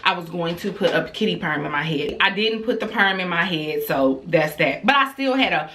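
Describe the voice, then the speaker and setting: A woman in her thirties telling a storytime to her viewers in a casual, animated way, acting out her children's voices. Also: on the low side, moderate pace, background noise.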